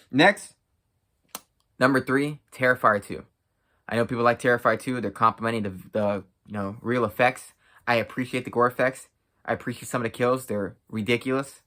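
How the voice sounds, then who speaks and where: Brief: male film reviewer, bright forceful tone, blunt exasperated rant, swears freely. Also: medium pitch. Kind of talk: casual ranting review.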